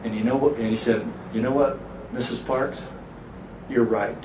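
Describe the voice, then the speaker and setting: A man's voice: medium pitch, fairly even intonation, normal speed. A middle-aged man, a sheriff, giving a public speech, telling a story and asking the crowd rhetorical questions. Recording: echoey hall from far off, faint hiss.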